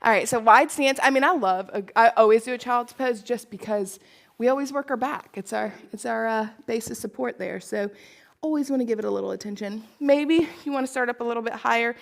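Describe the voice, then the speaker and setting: A woman's voice: fairly high pitch, brisk, creaky, poor audio. A woman fitness instructor leading a live workout, upbeat and encouraging, who laughs often.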